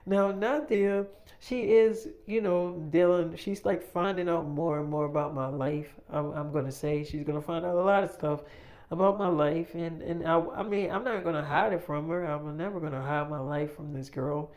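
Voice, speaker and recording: A man's voice: on the high side, steady tone, normal speed, a little mellow. Rambling male freestyle storyteller. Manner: loose, rambling, full of fillers and restarts.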